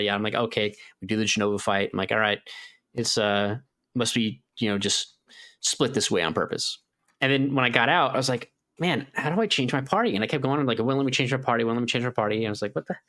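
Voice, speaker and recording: With a lowish, slightly bright voice and fairly even intonation, a male gaming podcast co-host speaks fast. His casual chat rambles along full of "like," and he acts out his own reactions in a raised voice.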